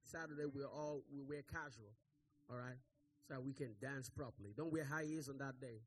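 A man's voice: mid-range voice, moderate pace, slight background noise. A male pastor giving church announcements and leading a birthday celebration, full of "hello" and "glory to God".

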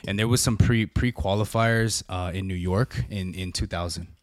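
A middle-aged man with a fairly low voice talks in an earnest, casual way. He keeps adding "bro" and "right?" as he shares stories from his church life. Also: steady tone, normal speed. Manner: earnest and conversational, peppers speech with "bro" and "right?". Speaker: podcast guest, church preacher. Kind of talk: casual chat.

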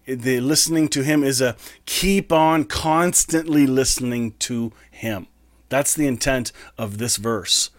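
Earnest male pastor, slow scripture reading. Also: mid-range voice, no room sound, clean studio sound. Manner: conversational, earnest, reads scripture slowly. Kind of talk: sermon.

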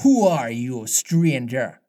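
A man reading aloud voices a pirate captain who swings between menace and fear, with drawn-out theatrical speech. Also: mid-range voice, sing-song, dark tone. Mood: fearful.

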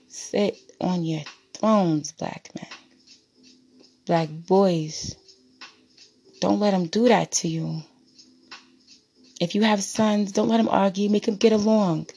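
A woman's voice: lowish voice, fairly even intonation, slow pace, long pauses, dark tone, breathy edge. Blunt, preachy woman ranting over music. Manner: preachy, blunt and profane, repeats phrases for emphasis. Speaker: podcast host. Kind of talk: impassioned monologue.

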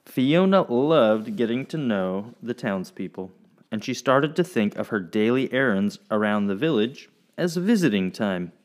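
Expressive male storybook narrator. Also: mid-range voice, a little slow.

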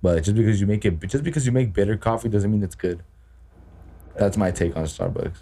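A man's voice: on the low side, a little fast, warm tone. A man co-hosting a casual podcast chat, joking crudely and swearing often. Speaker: podcast co-host.

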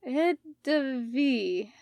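A woman's voice: high-pitched, very animated, takes it slowly, no room sound, clean studio sound, voice pushed up, full character voice. A woman voicing a carefree young male musician, slurring and drunk in a storybook reading.

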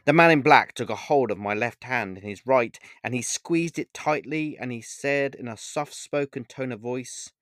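A man's voice: medium pitch, normal speed, hardly any pauses, fairly bright tone, no echo, studio quality. A man reading his own first-person short story aloud with earnest, emotional delivery.

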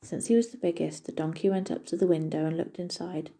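A woman reading a fairy tale aloud as a storyteller, in a steady, gentle manner. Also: on the low side, fairly quick, husky. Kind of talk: storybook narration.

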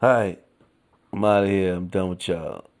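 Male solo podcaster, dark gravelly voice, slangy and profane. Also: low voice, normal speed, slight background noise. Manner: slangy, profane, laughs between lines. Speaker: podcast host. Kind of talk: casual solo podcast talk.

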